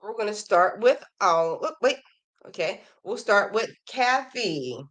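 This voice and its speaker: A woman's voice: medium pitch, expressive, a little slow, a bit bright. A woman hosting a crochet podcast, chatting casually and enthusiastically as she reads out viewers' emails, her voice a little worn. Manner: chatty and enthusiastic, gushing over viewers' work. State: slightly losing her voice.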